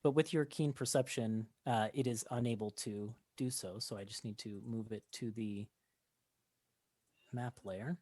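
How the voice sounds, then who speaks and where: A game master narrating a tabletop game, talking haltingly with many fillers and restarts. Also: medium pitch, mellow, no room sound.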